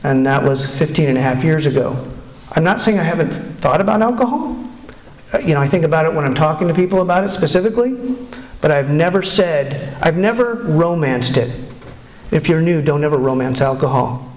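A man's voice: on the high side, animated, darkish tone. Earnest middle-aged man, echoey room. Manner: earnest and candid, with halting restarts. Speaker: recovery meeting speaker. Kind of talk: personal testimony.

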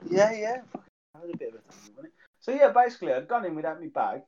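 A man's voice: high-pitched, sing-song, fast talker, a crowd in the background. A young man telling school stories in casual chat, acting out the voices he quotes and swearing freely. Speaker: guest, childhood friend. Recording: dull lo-fi sound.

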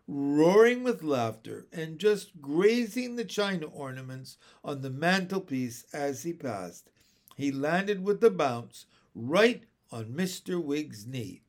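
Give me a slow, expressive male storyteller. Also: mid-range voice. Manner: expressive, unhurried reading. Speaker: audiobook reader. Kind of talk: storybook narration.

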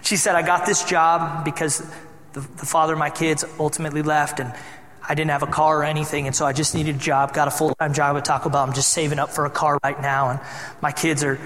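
A young man from Michigan preaching a sermon as a pastor, telling a personal story in a relaxed, conversational way and teasing the congregation. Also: on the high side, brisk. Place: church hall. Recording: echoey hall sound.

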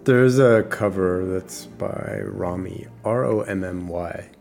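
A man's voice: low-pitched, takes it slowly, gravelly, darkish tone. A man co-hosting a podcast, chatting casually about music in an easygoing way, with short replies and laughs. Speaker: podcast co-host.

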